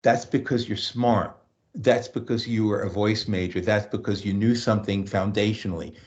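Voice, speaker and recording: A man who teaches voice, talking through lessons and telling anecdotes in a relaxed interview. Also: on the low side, moderate pace, dull audio. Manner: storytelling, acts out quotes, restarts often.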